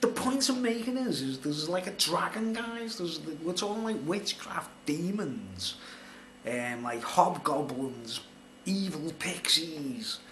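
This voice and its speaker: Brief: middle-aged man, slightly high voice, rambling storyteller, echoey room with faint hiss. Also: sing-song, takes it slowly, a bit bright. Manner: rambling, filler-heavy, conversational. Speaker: vlogger. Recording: roomy echo, faint background noise.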